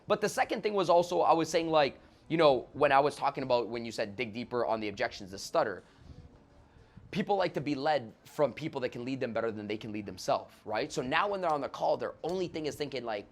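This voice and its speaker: A man's voice: medium pitch, animated, fast talker. A man talking as a guest sales trainer in an interview, brash and profane, acting out sales calls as he explains. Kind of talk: animated podcast interview.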